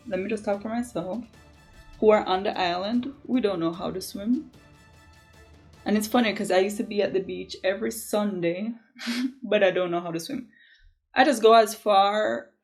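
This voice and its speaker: A young woman from Jamaica with a Jamaican accent, chatting casually to camera in an animated way and laughing often. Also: mid-range voice. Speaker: vlogger.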